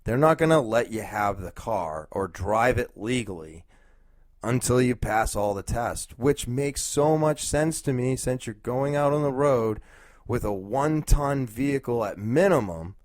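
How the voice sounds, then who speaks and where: A man's voice: mid-range voice, lively intonation, unhurried, no room sound. A man hosting his own podcast, thinking aloud in casual talk, rambling with fillers and restarts. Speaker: podcast host.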